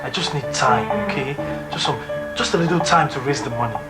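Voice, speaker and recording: A man's voice: medium pitch, brisk, close to an everyday voice. An actor playing a desperate young man who begs over and over for money, in a film drama. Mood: pleading. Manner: pleading, repetitive begging. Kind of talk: Nollywood film drama acting. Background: film score music.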